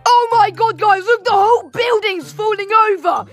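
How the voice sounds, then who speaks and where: Very high, excitable woman gamer. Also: moderate pace, soft background music. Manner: excitable, shouty and goofy. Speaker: gaming channel host. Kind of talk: Let's Play game commentary.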